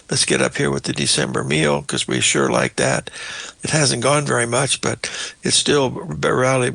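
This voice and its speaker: A medium-pitched voice with vocal fry, pushed and bright, and no room sound belongs to an older man hosting a market show. His live chart analysis is rambling and folksy; he calls viewers "folks" and sounds a little choked up.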